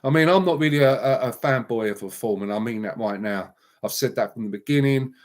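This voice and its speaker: A man's voice: medium pitch, fairly quick. A man hosting a live stream and ranting heatedly, with repeated emphatic outbursts and words said over and over. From England.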